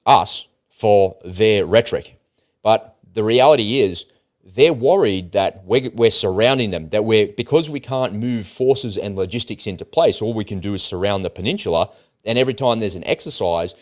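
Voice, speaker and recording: A man's voice: lowish voice, darkish tone. A man co-hosting a casual livestream, talking bluntly and animatedly, with frequent swearing. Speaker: co-host.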